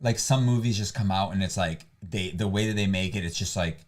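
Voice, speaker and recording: A man's voice: low-pitched, brisk. A man co-hosting a livestream, talking casually and rambling with many restarts and fillers. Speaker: livestream co-host. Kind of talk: casual chat.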